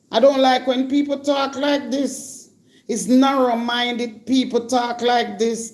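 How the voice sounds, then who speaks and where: A woman's voice: a little high, darkish tone. Jamaican woman, live-stream host, scolding and indignant, calls people out directly. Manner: scolding, indignant, addresses her target directly. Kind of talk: confrontational live-stream rant.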